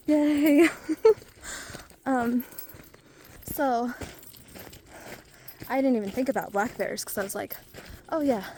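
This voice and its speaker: A woman's voice: medium pitch, a little mellow, a little hiss or hum. Breathless woman rambling on a trail. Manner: rambling, self-deprecating, chatty. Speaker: vlogger. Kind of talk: casual vlog chat while hiking. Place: outdoors on a mountain trail.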